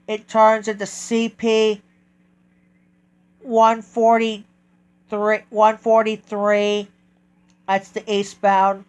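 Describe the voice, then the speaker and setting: A man talking casually in a vlog, halting and correcting himself often as he goes. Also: high-pitched, clean tone. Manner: halting, with many restarts and self-corrections. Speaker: train video vlogger.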